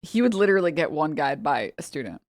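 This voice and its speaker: Low-voiced joking woman streamer. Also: sing-song, fast talker, no room sound, studio quality. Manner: joking, laughing often, teasing. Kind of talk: casual chat.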